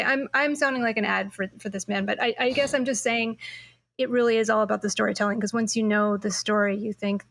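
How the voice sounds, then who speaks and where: A woman hosts a casual podcast panel, her voice sitting a little high. She talks with eager enthusiasm, sharing stories in a relaxed conversational flow. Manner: enthusiastic, storytelling. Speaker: podcast host.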